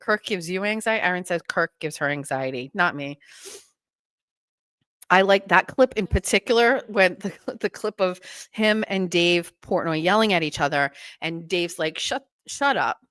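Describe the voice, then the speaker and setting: A woman hosting a podcast, chatting casually in a gossipy, animated way. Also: on the low side, moderate pace, smooth, dry recording. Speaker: podcast host. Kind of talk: casual chat.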